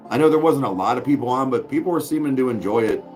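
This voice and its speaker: A young man casually chatting with his viewers and cooing softly to his dog. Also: medium pitch, expressive, quick pace, soft background music. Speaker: streamer host.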